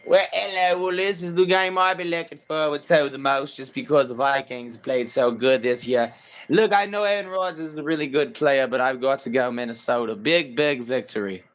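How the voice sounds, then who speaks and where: A man co-hosting a casual sports podcast, easygoing and quick to laugh. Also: medium pitch, fairly bright tone, muffled recording. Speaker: podcast co-host, the betting line guy.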